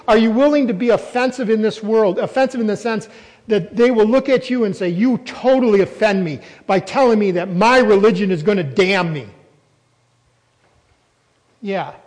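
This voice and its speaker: A man's voice: high-pitched, darkish tone, in a large hall, rough recording. A man preaching a sermon as a pastor, emphatic and throwing questions at the congregation.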